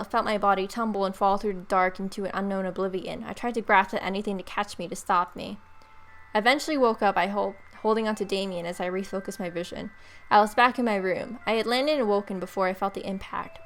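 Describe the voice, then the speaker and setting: A woman's voice: mid-range voice, fairly bright tone. A young woman reading a romance game aloud with expression, breaking off now and then for joking asides. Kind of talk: reading a visual novel aloud with commentary.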